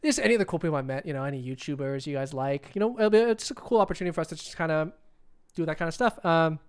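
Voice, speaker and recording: A man chatting on his livestream at a quick clip, his voice smooth and clear. He rambles and repeats himself as he hunts for the right clip, loose and casual throughout. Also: on the high side. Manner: rambling, repeats himself while cueing up clips. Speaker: livestream host.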